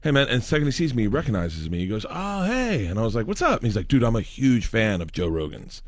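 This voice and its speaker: Laughing comedian spinning a story, lively. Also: male voice, mid-range voice, quick pace, dry recording. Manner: animated storyteller who laughs at his own jokes. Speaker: comedian guest. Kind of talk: telling a comic story. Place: radio studio.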